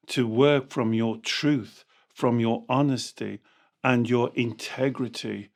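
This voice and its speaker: A man hosting a podcast as a coach, telling client stories and acting out their dialogue. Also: medium pitch. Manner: animated storytelling, acting out dialogue. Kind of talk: podcast discussion with anecdotes.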